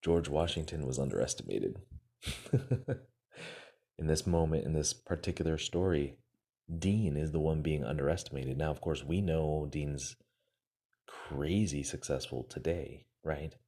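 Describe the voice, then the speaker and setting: A man's voice: very deep voice, unhurried, creaky, dark tone, husky. A man casually retelling a success story to motivate his listeners, acting out the quoted lines and using many fillers.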